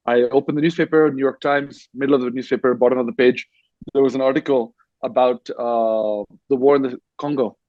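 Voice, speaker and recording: A man's voice: medium pitch, no echo. Guy on a festival panel talking thru his war reporting, restarts a lot, dull dry sound. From Dubai. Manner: reflective storytelling with frequent restarts. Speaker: author and war correspondent. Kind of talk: panel discussion.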